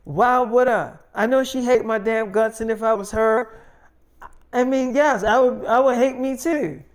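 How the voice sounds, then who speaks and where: A man putting on a jealous young wife, petulant and quick to curse. Her lines come a touch higher than his own voice, full of sass and grudges. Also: natural voice. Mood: defiant. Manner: sassy, cursing, petulant. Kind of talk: improvised freestyle storytelling.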